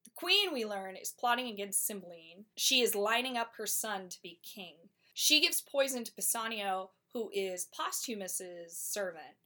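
A woman's voice: medium pitch, expressive, pushed and bright. A woman co-hosting a podcast, giving a chatty, slangy comic plot summary. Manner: chatty, slangy, quick asides. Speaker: podcast co-host.

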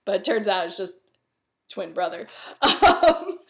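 A woman's voice: mid-range voice, very animated, a little slow. A young woman casually retelling a comic play in slangy everyday words, briefly acting out the characters' lines. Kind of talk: casual plot retelling with quoted voices.

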